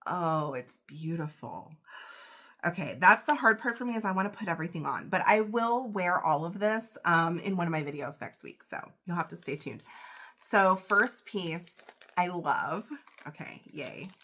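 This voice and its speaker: A woman, getting over a cold, unboxing jewelry in a casual vlog, gushing and emotional with gasps and soft whispers. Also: fairly low pitch, expressive, normal speed. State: recovering from a cold. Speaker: reseller vlogger.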